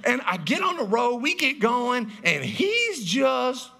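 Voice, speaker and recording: A man preaching a sermon as a pastor, telling a story loudly and animatedly, acting out the scenes. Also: very high voice, very animated, slow, gravelly, few pauses.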